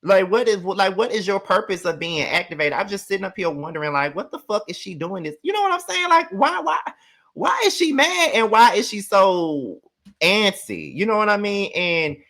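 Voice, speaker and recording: Male vlog host, sassy and profane, a bright, forceful voice pitched a bit high. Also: moderate pace. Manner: animated, profane, sassy ranting. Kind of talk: casual reality show recap commentary.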